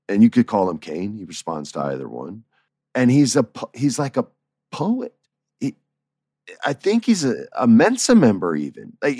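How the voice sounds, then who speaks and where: A man's voice: darkish tone, dry recording, clean studio sound. A man in his forties casually telling stories about his old writing job, often laughing and acting out what others said. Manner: laid-back, laughs often, acts out quotes in shifting pitch. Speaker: former writer telling stories. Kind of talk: casual storytelling chat.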